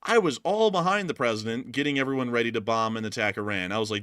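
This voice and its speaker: Bright, blunt man hosting. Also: mid-range voice, fast talker, few pauses, clear, resonant tone, no echo, clean studio sound. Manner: heated and blunt, exclaims and laughs. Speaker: host of a war news show. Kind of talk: casual live-stream commentary.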